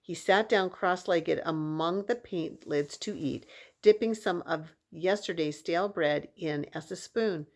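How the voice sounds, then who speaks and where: A woman's voice: on the low side, measured pace. Woman reading a children's story aloud. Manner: expressive storytelling. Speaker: reader.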